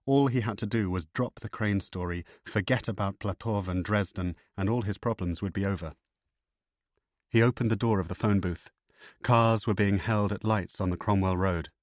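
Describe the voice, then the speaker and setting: Male audiobook narrator, very low voice, steady and measured, dry booth sound. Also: no room sound. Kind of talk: scripted thriller narration.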